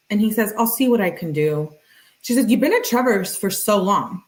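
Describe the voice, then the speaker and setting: A woman's voice: medium pitch, moderate pace, low-quality recording. Chatty woman reading text messages aloud. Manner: chatty and playful, laughs often, reads messages with lively emphasis. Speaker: true crime commentary host.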